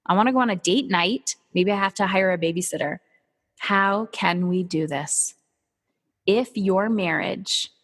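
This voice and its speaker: Emphatic woman speaker in a reverberant hall. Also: on the low side. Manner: energetic, emphatic, candid with casual swearing. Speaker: motivational speaker. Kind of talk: motivational talk.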